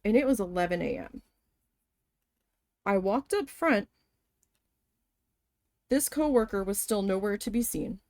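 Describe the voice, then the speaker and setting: A mid-range female voice, measured and full of frequent pauses, comes through with no echo. She's a vlogger embroidering during a casual storytime, animatedly venting about a past job, swearing, and acting out quoted dialogue.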